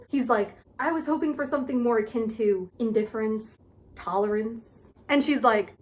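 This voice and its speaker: A woman's voice: a little high, normal speed. A young woman doing a chatty, gushing book recap full of self-mocking asides. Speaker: book vlogger.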